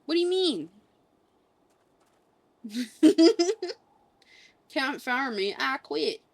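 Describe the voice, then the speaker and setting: A woman's voice: sits high, sing-song, drawn-out words, creaky. Playful, sweary woman streamer. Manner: playful, sarcastic, swears freely. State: sleepy. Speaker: game streamer. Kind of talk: casual live-stream chat.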